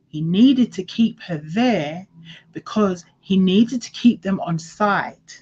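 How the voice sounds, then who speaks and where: A woman's voice: medium pitch, animated, takes it slowly, a little mellow, breathy edge, dull audio. A woman giving a casual tarot reading, emphatic and repeating her phrases, now and then swearing. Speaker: tarot reader.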